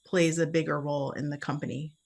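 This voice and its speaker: A woman's voice: low-pitched, little pitch movement, fast talker, vocal fry, a crowd in the background. A woman panelist making a thoughtful point in a casual chat.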